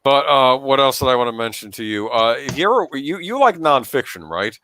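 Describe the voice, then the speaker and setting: A man's voice: medium pitch, very animated, a little fast, bright, forceful tone, a little hiss or hum. A man in casual podcast chat who talks in a reassuring way, often checking in with the listener. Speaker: podcast host.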